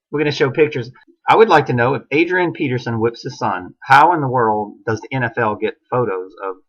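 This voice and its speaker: A middle-aged man holds forth in a heated solo rant, hammering his points with one rhetorical question after another. His voice sits at an ordinary mid pitch, and the recording is dull and lo-fi. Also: fairly bright tone. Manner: ranting, emphatic, many rhetorical questions. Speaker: online commentator. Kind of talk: impassioned solo monologue.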